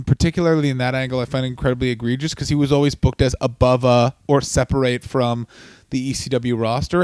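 A man co-hosting a comedy podcast, bantering loudly and profanely with quick jokes. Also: mid-range voice, no room sound. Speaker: podcast co-host.

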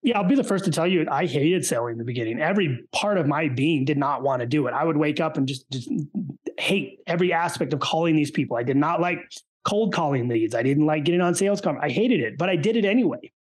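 A man's voice: on the high side, animated, fast. A man, likely in his thirties, talking earnestly as a podcast guest, telling stories with animation. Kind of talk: casual interview talk.

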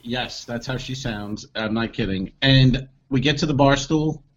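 A man in casual chat, telling an animated story, repeating lines for emphasis and swearing freely. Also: mid-range voice, unhurried. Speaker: podcast co-host telling a story. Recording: slightly dull, lo-fi sound.

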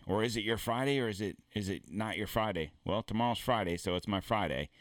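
A man's voice: fairly low pitch, fairly quick, dry recording. Rambling, blunt-talking man host. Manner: rambling, blunt and profane, with many false starts. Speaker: podcast host. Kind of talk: casual ranting monologue.

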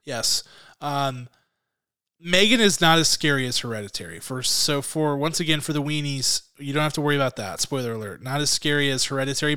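A man's voice: mid-range voice, bright, forceful tone, clean tone. A man hosting a casual podcast movie review, enthusiastic and leading the talk. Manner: enthusiastic, leads the discussion. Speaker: podcast host.

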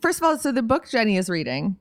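A woman's voice: on the high side, big pitch swings, fast talker. A woman co-hosting a podcast, chatting casually and laughing often. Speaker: podcast co-host. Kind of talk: casual chat.

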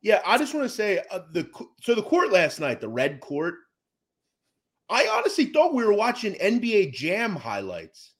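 A man on a sports talk show rants with a profane, exasperated edge. His voice sits high and leaps all over the place. Casual and loose, never measured. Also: wildly swooping pitch. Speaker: guest analyst.

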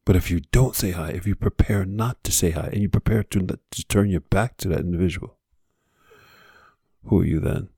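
Deep gravelly man giving earnest pep talk. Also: moderate pace, dark tone, no echo, studio quality. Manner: earnest, repetitive exhortations. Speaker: podcast host. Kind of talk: motivational monologue.

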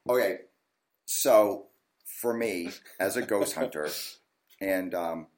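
A man, a ghost hunter guest telling stories in a casual interview, animated and lively. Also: low voice, takes it slowly, slight background noise. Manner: animated storyteller, acts out yelling at the TV.

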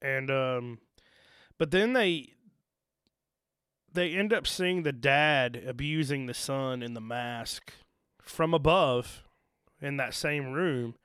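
A man co-hosting a casual film podcast, relaxed and agreeable, filling with ums and quick yeahs as he recaps the plot. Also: medium pitch, clear, resonant tone, no echo, clean studio sound. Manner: relaxed, agreeable, lots of fillers and affirming yeahs. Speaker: podcast co-host. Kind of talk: casual movie podcast chat.

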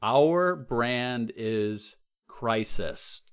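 A man hosting a casual podcast, relaxed and laughing often as he reads listener emails. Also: mid-range voice, extremely slow, smooth. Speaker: podcast host.

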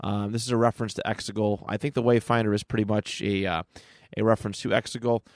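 A man's voice: lowish voice, level tone, fast talker, no echo, studio quality. Casual man recapping a comic book. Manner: casual, with frequent fillers and restarts. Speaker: podcast co-host.

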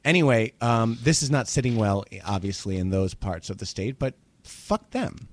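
A New Jersey man in his forties co-hosts a podcast, chatting casually in an irreverent way and swearing freely. His voice is lowish and moderately paced.

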